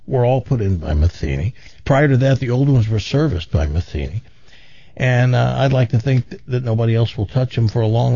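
A man's voice: mid-range voice, vocal fry, dark tone, dull audio. A man hosting a talk radio show, chatting casually, reading live ads in a rambling way and telling jokes.

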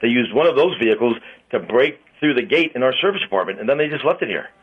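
A man's voice: mid-range voice, lively intonation, fast, husky. Chatty guy on the radio, rambly with lots of uhs, muffled lo-fi sound. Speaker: radio host and car dealer. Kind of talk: casual radio banter.

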